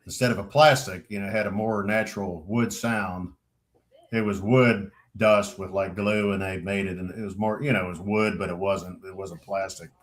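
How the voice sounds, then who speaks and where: A man's voice: low voice, moderate pace. A middle-aged man telling service stories in a casual podcast chat, rambling and swearing freely as he acts out what others said. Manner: animated storyteller who swears freely and acts out what people said; rambling, with frequent restarts and "you know". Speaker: podcast crew member.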